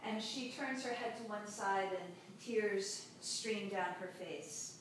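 A woman pastor delivers a sermon in a slow, measured storytelling voice, pausing often. She sounds distant from the microphone, and her voice rings through a very echoey hall with faint background noise. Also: medium pitch.

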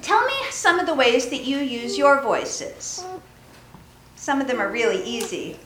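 A woman with a high voice leads a children's sermon in a church. She teaches gently, asks questions and laughs easily. Her voice echoes through the large sanctuary over faint background noise. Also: big pitch swings, measured pace. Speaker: pastor giving a children's message.

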